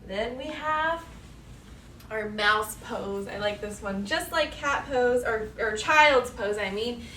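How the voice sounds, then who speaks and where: A woman teaching a children's yoga lesson, reading a story aloud and guiding poses with animated, playful cries. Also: a little high, slow pace, a little hiss or hum. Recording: echoey room, voice from far off.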